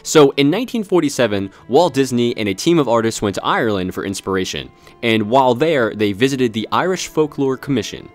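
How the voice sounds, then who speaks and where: A man's voice: medium pitch, brisk, soft background music. A man co-hosting a casual online show, joking and laughing as he chats and reads history notes. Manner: jokey, laughs often, animated. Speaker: co-host. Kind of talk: casual podcast chat.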